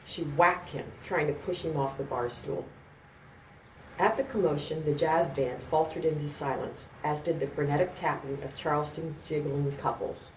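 Low-voiced woman narrator, measured storytelling; distant mic, roomy. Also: steady tone, darkish tone, slight background noise. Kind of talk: scripted narration.

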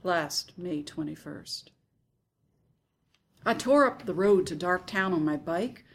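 A woman narrating a first-person literary story in a soft, hushed, intimate reading. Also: on the low side. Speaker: audiobook narrator.

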